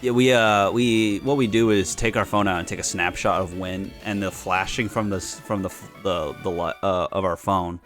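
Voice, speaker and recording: Low-voiced man chatting over gameplay. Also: steady tone, normal speed, hardly any pauses, fairly bright tone, faint music behind. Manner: laughs easily, stumbles over words. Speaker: co-host of a gaming podcast. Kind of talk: casual group chat while playing a game.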